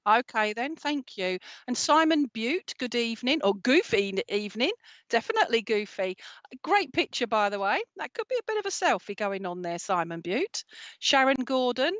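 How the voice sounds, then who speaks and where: A woman hosting a live stream as a spiritual medium, chatting casually and greeting viewers warmly with many ums and endearments. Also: fairly high pitch, sing-song, moderate pace, no room sound. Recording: dry, slightly dull sound.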